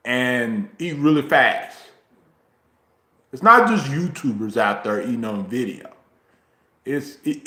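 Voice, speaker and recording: Slow, rambling man with a drawl. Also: mid-range voice, a bit bright, echoey room. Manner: slow, drawn-out, rambling talk with frequent ums. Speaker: YouTuber streaming a chat. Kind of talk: casual livestream chat. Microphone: phone, recorded while walking.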